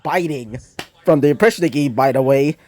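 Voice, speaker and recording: A man's voice: fairly high pitch, moderate pace, darkish tone. A young man casually narrating a fan crossover story, rambling with frequent fillers. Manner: rambling, many fillers like "you know".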